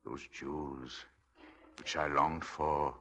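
An actor playing a scheming husband who coaxes and pleads, in 1940s radio acting. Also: male voice, rumbling low, fairly even intonation, takes it slowly, bright, forceful tone, exaggerated voice. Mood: brooding. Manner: coaxing, then desperate.

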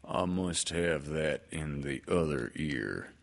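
A man voicing a gloomy old male donkey in a storybook reading, talking in a slow, mournful, drawn-out deadpan. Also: extremely low pitch, vocal fry, pitched below the performer's own voice, full character voice.

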